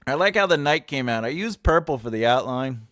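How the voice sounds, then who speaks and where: A man's voice: medium pitch, animated, a little fast, a bit bright. A middle-aged man hosting a casual livestream, playful and laughing often, with bursts of mock-epic proclamation. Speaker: livestream host.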